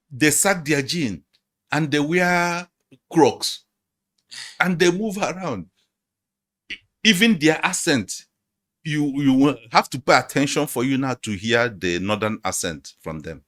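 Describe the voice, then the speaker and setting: A man's voice: a little high, a bit bright. A man, speaking as a guest analyst in a podcast interview, talking emphatically and repeating points for stress.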